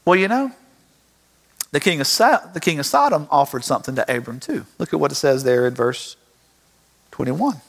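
Animated preacher in a hall. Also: male voice, fairly high pitch, normal speed, vocal fry, pauses often. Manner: animated storytelling, acts out voices. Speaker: pastor. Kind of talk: sermon. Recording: reverberant hall.

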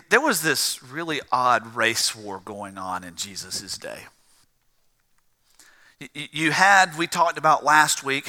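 Bright-voiced South Georgia preacher. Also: male voice, a little high. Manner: earnest preaching with repeated phrases and building emphasis. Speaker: pastor. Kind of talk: sermon. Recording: long reverb of a large hall.

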